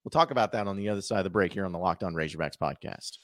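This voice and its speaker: A man's voice: low voice, racing. A man hosting a sports podcast, talking casually, rambling and correcting himself as he goes. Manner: rambling, self-correcting, chatty. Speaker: podcast host.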